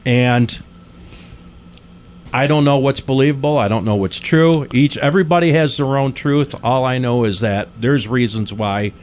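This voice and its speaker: A man's voice: medium pitch, normal speed, darkish tone. A man, a wet plate photographer, telling stories in a casual interview with many restarts and fillers.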